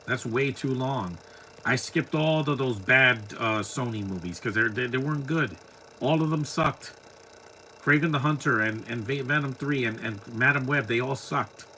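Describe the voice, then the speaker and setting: A man's voice: mid-range voice, bright, forceful tone, a little hiss or hum. Offhand man giving blunt movie commentary. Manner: blunt, opinionated, offhand asides. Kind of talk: casual live movie commentary.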